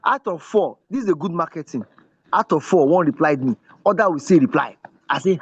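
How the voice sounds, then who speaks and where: Male instructor, slightly high pitch, emphatic and repetitive, dry lo-fi video-call sound. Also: expressive, a little fast, slightly rough, no echo. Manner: repetitive, checks in with listeners often; emphatic teaching tone. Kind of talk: online class with screen share.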